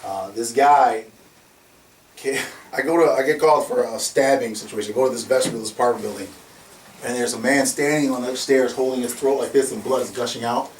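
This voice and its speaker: A man casually telling a story in an animated way, laughing often and acting out the voices in his quotes. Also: medium pitch, a little fast, recorded from a distance, a little hiss or hum. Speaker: security company founder telling a story. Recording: echoey room from off mic, faint ambience.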